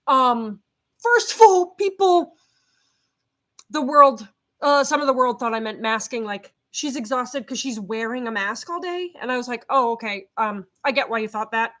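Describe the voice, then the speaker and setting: A middle-aged woman, a behavior consultant, talking casually to her camera in a feisty, loud, fired-up way. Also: on the high side, moderate pace, few pauses. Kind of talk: casual vlog talk to camera. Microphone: camera set up at home.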